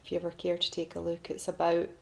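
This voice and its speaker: A woman's voice: fairly low pitch, monotone, quick pace, gravelly. A woman in a chatty, rambling and self-deprecating casual chat to camera, answering fan requests as an actress.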